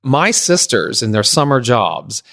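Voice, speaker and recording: A middle-aged man from Pennsylvania, a guest on a podcast, telling a long anecdote in an animated way and acting out what others said. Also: mid-range voice, unhurried, gravelly. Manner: animated, acts out others' lines in shifting voices. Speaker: podcast guest, event designer. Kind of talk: anecdotal storytelling in conversation.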